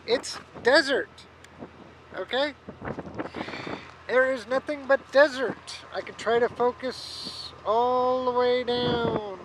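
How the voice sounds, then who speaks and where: A woman's voice: a little high, slow, pauses often. A woman vlogging casually to a handheld camera from inside a car, rambling and laughing often. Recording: car engine noise.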